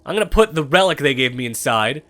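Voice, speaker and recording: Lively, high-voiced young man gaming. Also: fast talker. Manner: animated, irreverent, swears freely. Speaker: gameplay commentator. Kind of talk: let's-play commentary.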